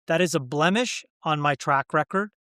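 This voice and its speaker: A man's voice: a little high, normal speed, pushed and bright, clean tone, dry recording, studio quality. A man in his forties, a guest in an interview, talking earnestly and emphatically, often restarting mid-sentence. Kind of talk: candid interview conversation.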